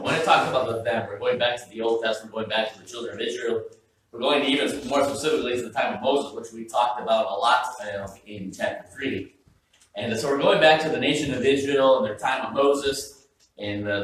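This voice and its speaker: A man's voice: medium pitch, a bit bright, heavy reverb, recorded from a distance, a little hiss or hum, rough recording. A man preaching a sermon as pastor in a casual, joking, conversational way, often stopping and restarting his sentences. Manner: conversational, joking, self-interrupting. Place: church sanctuary.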